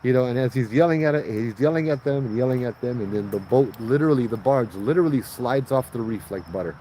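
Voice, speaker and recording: A man's voice: mid-range voice, quick pace, mellow, a little hiss or hum, rough recording. Laid-back Hawaiian Pidgin storyteller man. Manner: loose, laughing, slangy. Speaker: ghost story host. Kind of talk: casual storytelling livestream. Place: outdoors at night by a road.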